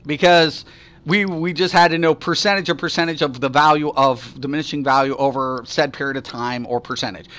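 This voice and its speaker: A man's voice: on the high side, steady tone, fairly quick, a bit bright. A man chatting casually on a live stream, answering viewers at length with rambling, profane rants and lots of fillers.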